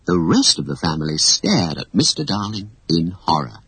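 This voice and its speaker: A storyteller reading a children's story in an expressive, animated way. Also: deep voice, moderate pace, hardly any pauses, slightly rough, no echo, low-quality recording.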